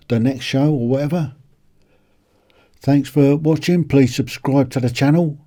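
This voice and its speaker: A man with a warm, mid-range voice rambles loosely about a motorbike show, with lots of ums and restarts. He's a motorcycle vlogger doing casual walkaround commentary.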